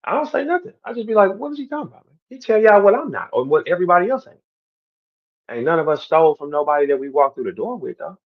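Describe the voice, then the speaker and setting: A man speaking to his stream audience in a heated, animated monologue, repeating himself and swinging between loud outbursts and quiet asides. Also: on the high side, fast, muffled recording. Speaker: battle rapper on a stream.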